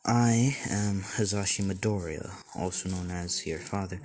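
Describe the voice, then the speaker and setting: A man doing a quiet scheming villain dad. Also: sits low, measured pace. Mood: calm. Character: calm, scheming villainous father.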